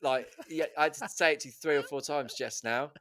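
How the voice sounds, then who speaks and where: A man's voice: a little high, brisk, a bit bright. Chatty man teasing his co-host. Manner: chatty and teasing, rambling with fillers like "like". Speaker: album review co-host. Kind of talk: casual chat about music.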